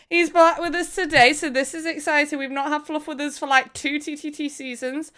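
A woman hosting a live stream, talking to her viewers in a loud, excitable way. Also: high-pitched. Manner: excitable, loud, fast-shifting energy. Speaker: streamer host.

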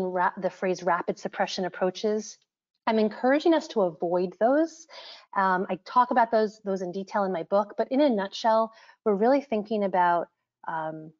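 A woman gives an earnest webinar talk, pausing often with ums. Her voice sits at a middle pitch. The audio is somewhat dull and lo-fi, like a streamed online session. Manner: earnest, frequent ums, quotes examples in lively voices. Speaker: presenter and author. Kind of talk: webinar presentation.

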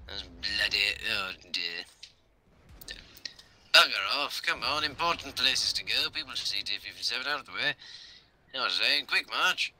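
This man's fairly low voice is expressive, bright and forceful as he briskly commentates a tank game. Playing a hammy, posh officer, he swears frequently throughout his gameplay banter.

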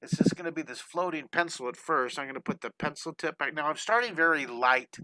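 Upbeat, bright-voiced male drawing teacher. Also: on the high side, brisk, dry recording, poor audio. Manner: upbeat, encouraging, playful; breaks into playful chants and sound effects. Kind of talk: live online drawing lesson.

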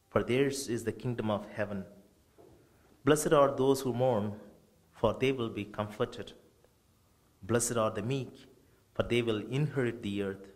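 A man, a priest, leading a funeral service with slow, measured liturgical prayers and readings. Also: medium pitch.

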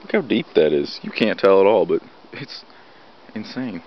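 Young guy out of breath, chatty vlog outside in snow, lowish voice, muffled camera audio. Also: expressive, moderate pace. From North Carolina. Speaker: vlogger. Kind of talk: casual vlog. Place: outdoors in deep snow. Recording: dull low-fi camera audio with faint noise.

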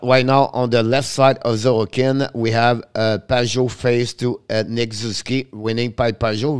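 A man calling live hockey play-by-play in halting English, breaking off to chat with viewers. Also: fairly low pitch, clean tone. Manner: halting non-native English, rapid call of the action; chats with viewers between plays.

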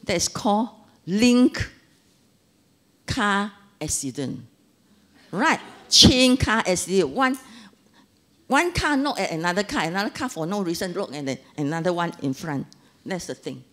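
Animated Singaporean woman in her sixties. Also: medium pitch, a little slow. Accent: Singaporean English. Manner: animated storytelling with local slang. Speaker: Dharma speaker. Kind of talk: anecdotal Dharma talk.

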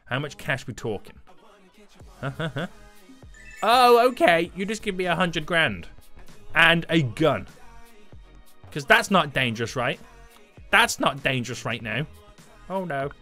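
A man narrating his gameplay with huge swings in pitch and a bright, forceful tone. He jokes constantly and bursts into shouts, with faint music playing underneath. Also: big pitch swings, slow, long pauses. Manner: loud, jokey, shouting outbursts and sudden pitch jumps. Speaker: gaming YouTuber. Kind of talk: energetic gameplay commentary.

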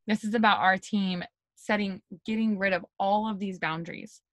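A woman on a video call giving an energetic, chatty pep talk to her team, full of "like" and "you guys". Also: mid-range voice, moderate pace, no echo.

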